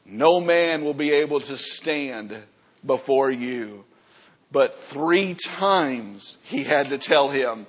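A man preaching a sermon as pastor, moving from low, quiet passages up to loud, shouting stretches. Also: lively intonation, slow pace, gravelly, slightly rough, dull audio.

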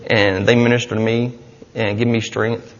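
A man's voice: on the low side, level tone, normal speed, long reverb tail, muffled recording. A man giving an earnest, rambling personal testimony in church, with many restarts. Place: church hall.

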